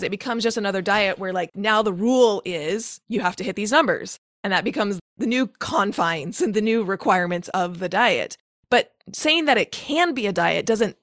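A woman in her thirties speaks with a slight fry in her voice, laying out ideas step by step like a coach. The sound is dry and close, with no room around it. She talks conversationally, leaning on everyday analogies. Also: medium pitch, dry recording. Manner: explanatory, uses step-by-step examples and analogies. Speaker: guest, macro-counting coach. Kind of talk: conversational podcast interview.

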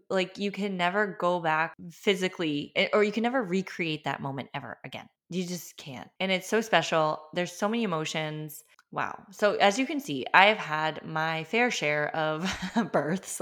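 A woman, hosting a podcast and telling a personal story in an animated, chatty way. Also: fairly low pitch. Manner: animated, chatty, lots of fillers. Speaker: podcast host.

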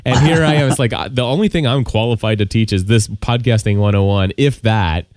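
A man's voice: on the low side, fairly quick, darkish tone, dry recording, studio quality. Chatty, stammering podcast host man. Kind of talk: casual chat.

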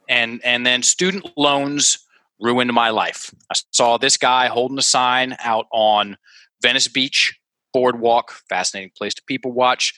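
A man talks as a guest on an interview show, explaining his ideas with quick examples. His voice has a bright, forceful edge, and he often doubles up words as he works through a thought. The sound is close and dry, without any room echo. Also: mid-range voice. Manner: animated, repeats words while working through examples. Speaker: interview guest, language coach. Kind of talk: conversational interview, teaching by example.

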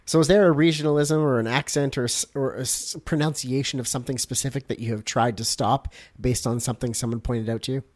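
Brief: Canadian male podcast host, average pitch, upbeat and supportive interviewer. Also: steady tone, fast talker, few pauses, a little mellow. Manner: friendly, encouraging, frequent short affirmations. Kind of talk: casual interview.

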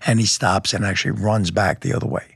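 Gravelly, very husky low-voiced man. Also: steady tone, fast talker, a bit bright, no echo, clean studio sound. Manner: vivid storytelling with sound effects and blunt swearing. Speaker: police lieutenant, guest. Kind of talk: step-by-step recounting in a podcast interview.

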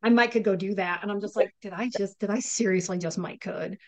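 A woman's voice: medium pitch, fairly quick. A woman from upstate New York with a Northern US accent, co-hosting a casual chat and rambling with many fillers. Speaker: podcast co-host.

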